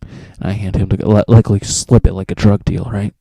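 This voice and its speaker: A man's voice: lowish voice, level tone, normal speed, mellow, no room sound. Profane teen guy telling a rambling story. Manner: rambling, profane, acts out friends' lines. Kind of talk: casual storytelling.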